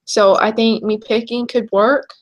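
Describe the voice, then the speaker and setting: A young woman co-hosting a casual chat show, chatty and quick to laugh. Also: fairly high pitch, steady tone, lo-fi sound. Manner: chatty, laughs easily, trails off and restarts. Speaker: podcast co-host.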